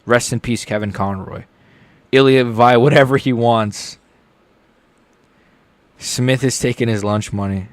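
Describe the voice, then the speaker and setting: A young man streaming a live reaction to fights, chatting casually and getting loud and excited when something big happens. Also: moderate pace, clear, resonant tone, dry recording. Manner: casual, excitable, shouts with rising pitch at big moments.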